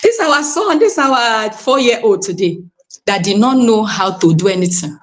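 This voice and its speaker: A woman from Nigeria with a Nigerian accent, giving an animated, exclamatory testimony as a guest on a live stream. She keeps calling out to her coach and slips into pidgin phrases. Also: fairly high pitch, moderate pace. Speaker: podcast guest sharing a testimony.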